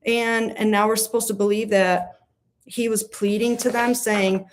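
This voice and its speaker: A woman from New gives casual true-crime commentary, animated and sarcastic, rambling with many fillers. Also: mid-range voice, a little slow. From New York.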